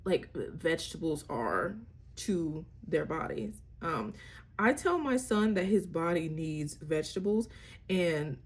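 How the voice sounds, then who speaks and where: A woman's voice: deep voice, sing-song, takes it slowly, slightly rough. A young mother, chatting candidly and wryly about parenting in a casual vlog. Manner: candid, wry, slangy, breaks into playful voices. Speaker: mother sharing parenting tips. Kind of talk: casual chat.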